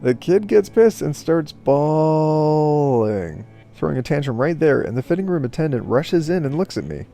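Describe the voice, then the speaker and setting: A man's voice: fairly high pitch, lively intonation, normal speed, creaky, dark tone, faint music behind. A man hosting a YouTube channel, reading Reddit stories aloud in a casual, amused way and chuckling along. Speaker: YouTube storyteller.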